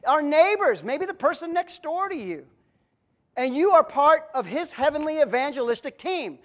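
Emphatic high-voiced woman preacher. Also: big pitch swings, moderate pace. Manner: earnest, emphatic, rises and drops in volume. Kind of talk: sermon.

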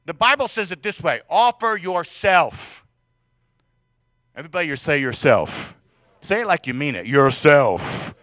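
High, bright-voiced male pastor preaching. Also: sing-song, normal speed, no echo, clean studio sound. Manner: conversational preaching, questions to the congregation, swings between loud and soft. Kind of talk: sermon.

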